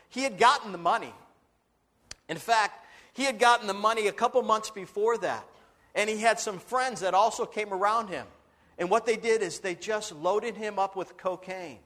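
Pastor, male, high voice, sermon storytelling, voices the people he quotes. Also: normal speed, a bit bright. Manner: earnest, dramatic retelling with quoted dialogue.

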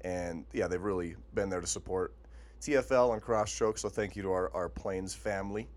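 A man's voice: low-pitched, normal speed, a little mellow. A man with a Montana accent co-hosting a podcast in casual chat, joking and laughing often. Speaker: podcast co-host.

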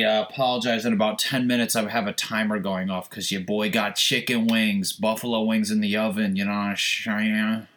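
Profane, rambling young male podcast host. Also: lowish voice. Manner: loud, profane, rambling and joking. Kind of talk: casual solo podcast rant. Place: home, seated on a squeaky chair.

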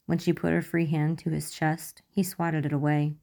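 Low-voiced woman narrating a romance story. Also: flat delivery, normal speed, creaky, dark tone. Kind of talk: reading romance fan fiction aloud.

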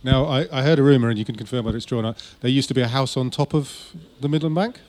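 A man's voice: medium pitch, racing, a little mellow. A man from Yorkshire, hosting a casual conversation and telling wry anecdotes. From Yorkshire, England. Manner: wry storyteller.

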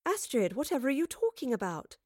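A woman's voice: a little high, very animated, moderate pace, darkish tone, no echo, clean studio sound. A woman voicing a kindly, genteel lady who gasps and sounds friendly but concerned, in an audiobook. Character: kindly, genteel young lady, easily startled. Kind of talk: audiobook character voice.

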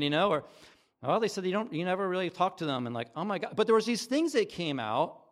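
A man's voice: sits high, fast. A middle-aged man preaching a sermon in a conversational way, acting out both sides of the exchanges he retells. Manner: conversational and animated, acting out dialogue. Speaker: pastor.

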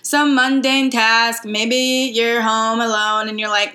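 Young woman podcast co-host, bright tone, animated storyteller. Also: fairly high pitch, a little fast, hardly any pauses. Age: young adult. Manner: animated storytelling with voiced asides. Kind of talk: casual chat.

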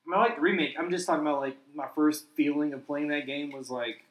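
Slightly high young man, echoey room. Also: quick pace. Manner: relaxed, leads topics with questions. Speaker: podcast host. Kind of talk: casual chat.

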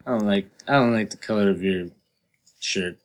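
A man's voice: fairly low pitch, normal speed. A man co-hosting a podcast, reacting with short quips, swearing and laughing often. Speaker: podcast co-host. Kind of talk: casual chat.

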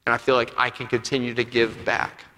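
Male preacher, bright higher voice, dynamic sermon delivery, recorded in a reverberant sanctuary. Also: completely flat delivery, a little fast, slight background noise. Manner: dynamic, swings between loud emphatic peaks and quiet asides. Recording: echoey hall with long reverb.

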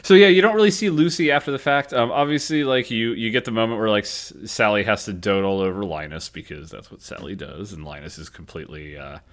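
A man co-hosting a casual podcast chat, slangy and animated, often acting out characters' lines. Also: on the low side, fast, hardly any pauses. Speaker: podcast co-host.

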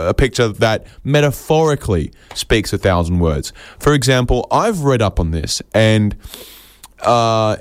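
A man, talking through a wandering stand-up bit in a deadpan, rambling way. His voice sits a little low, and he keeps breaking off and restarting mid-thought. The sound is dry, with almost no room echo. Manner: rambling, deadpan, self-interrupting. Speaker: stand-up comedian. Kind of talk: absurdist stand-up set.

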